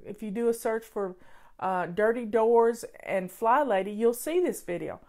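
A woman's voice: fairly high pitch, a little slow, mellow. A woman hosting a casual question-and-answer show, giving affectionate, encouraging advice to her viewers.

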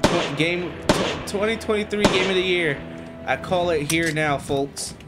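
A man giving excitable, profane, joking commentary over his gameplay. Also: sits high, a little slow, loud music behind the voice. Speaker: gaming video creator.

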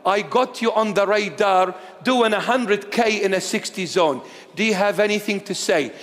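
Man as a stern police officer, clipped delivery, high-pitched, hall echo. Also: moderate pace, a bit bright. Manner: curt, stern. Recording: long church reverb.

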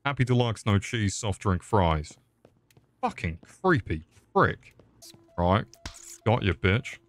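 A man's voice: on the low side, lively intonation, slow, no echo. Foul-mouthed male game streamer. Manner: crude, swearing, jokey. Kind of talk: casual gaming commentary.

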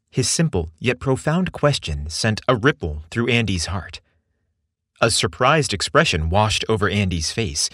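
Guy narrating a story, low voice, lots of ups and downs, dry close sound. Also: no room sound. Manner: expressive storytelling, measured reading.

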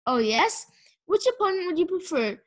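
Casting: a woman doing a bullying she-dragon drill teacher for an audiobook, shouting and snarling in a high voice. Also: sing-song, normal speed. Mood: scornful. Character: fierce female dragon teacher, harsh and bullying. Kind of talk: audiobook character reading.

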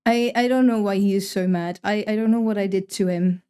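A woman's voice: mid-range voice, fairly even intonation, brisk, warm tone, clean tone. A young Dutch woman with a Dutch accent, chatting casually as she streams a game, reading chat aloud and answering with wry asides. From Netherlands. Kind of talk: casual gameplay commentary to live chat.

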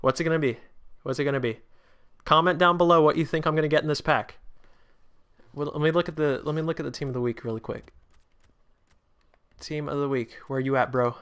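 Fairly high-pitched and smooth, this nineteen-year-old livestream host speaks fairly quickly. He's chatty in a relaxed stream, reading out and responding to viewer comments, and he bursts out excitedly when a big chance arrives.

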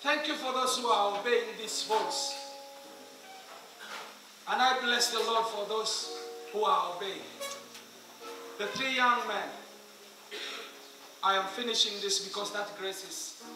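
A man with a Kenyan accent preaching an altar call in a large hall, pleading and urgent, rising at times to shouts. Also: high voice, unhurried, pauses often. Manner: urgent, pleading, switching between English and Swahili, swelling to shouts. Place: large echoing hall at a school meeting. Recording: echoey hall from far off with music.

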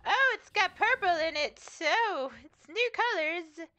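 Bright, animated woman streamer. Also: very high voice, highs cut off. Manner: playful, jokey, chatty. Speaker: gaming streamer. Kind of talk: let's play commentary.

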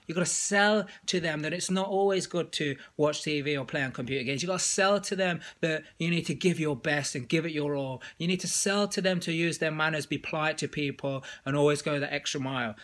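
A man talking casually on a vlog as a sales coach, telling everyday stories with quoted voices. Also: a little high. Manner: animated storytelling with quoted voices.

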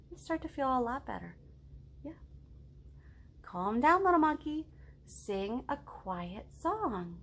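A middle-aged woman leading a children's storytime, reading a picture book aloud in a gentle, encouraging way and asking the children questions. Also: a little high, slightly rough.

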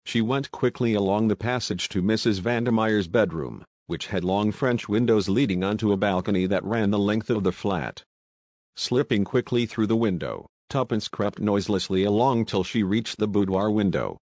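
A man narrating an audiobook in a steady, even reading voice. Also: fairly low pitch, normal speed, no echo. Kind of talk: scripted narration.

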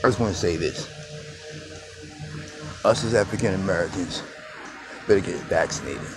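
Low-voiced man rambling on a walk. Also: moderate pace, over music. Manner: loose, conversational, greets passersby. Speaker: vlogger. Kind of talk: rambling walk-and-talk monologue. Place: outdoors on a neighborhood street. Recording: noisy outdoor phone recording.

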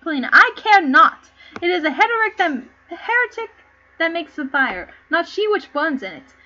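A woman's voice: very high voice, big pitch swings, a little fast, bright, forceful tone, heavily acted. Woman playing a defiant scolding noblewoman. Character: fierce outspoken noblewoman. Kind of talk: amateur read-through of a play. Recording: slightly muffled with faint noise.

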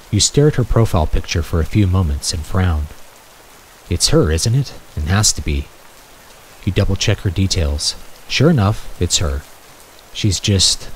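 A man's voice: lowish voice, big pitch swings, moderate pace, darkish tone, a little hiss or hum, low-quality recording. A man reading a second-person story aloud in a wry, nostalgic storytelling manner. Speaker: narrator. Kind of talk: scripted second-person narration.

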